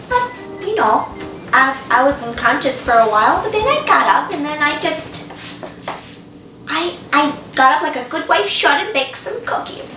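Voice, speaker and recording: A woman puts on a daffy, chatty middle-aged mom, pitched very high and swooping all over the place. She rambles along in a slow, echoey room, a little off the mic, with music playing behind her. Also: distant mic. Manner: rambling, folksy, chirpy with sudden shrill outbursts. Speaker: comic character monologue. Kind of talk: comedy sketch monologue.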